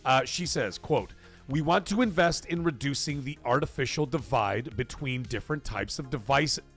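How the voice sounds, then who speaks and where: A man hosting a live stream, talking in a casual, emphatic and repetitive way, his voice getting hoarse. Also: mid-range voice, normal speed, fairly bright tone, faint music behind. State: voice going hoarse. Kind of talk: casual live-stream chat reading donations.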